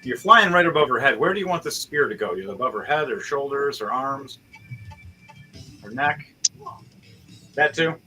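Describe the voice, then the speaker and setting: A man's voice: medium pitch, lively intonation, moderate pace, long pauses, sharp tone, rough recording. A man narrating as game master of a tabletop game, describing combat in graphic, profane detail. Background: music playing.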